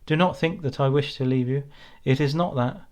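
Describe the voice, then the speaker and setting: A man's voice: mid-range voice, normal speed, a little mellow, pitched above the performer's own voice, natural voice. A man voicing an earnest young fisherman who grows frightened and pleads. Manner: pleading, rising with alarm.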